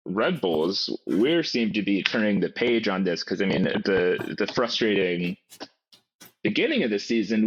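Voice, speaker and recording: A man co-hosting a sports podcast in casual chat, talking in a thoughtful, halting way. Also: fairly low pitch. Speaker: podcast co-host. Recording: dull lo-fi audio.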